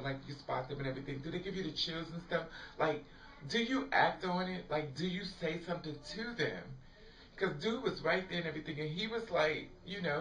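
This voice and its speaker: A woman's voice: sits low, fairly bright tone, slight background noise. A woman vlogger telling a story in casual chat to the camera, laughing often and swearing freely. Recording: roomy, distant, dull lo-fi sound.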